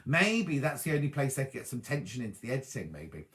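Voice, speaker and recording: A man's voice: mid-range voice, big pitch swings, quick pace, fairly bright tone. A man hosting a casual live stream, chatting and reading viewer comments aloud and answering them. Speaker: host reading live chat.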